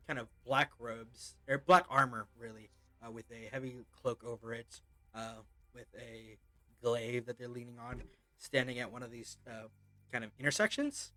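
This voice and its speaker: A man's voice: mid-range voice, a bit bright, no room sound. A man running a tabletop game as game master, describing scenes in a loose, meandering way.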